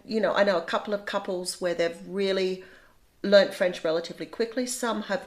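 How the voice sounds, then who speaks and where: A middle-aged Australian woman in casual chat, talking in a lively, chatty way and often restarting her sentences. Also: medium pitch, a little fast. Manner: chatty, repeats words when restarting. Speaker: guest, bed and breakfast owner.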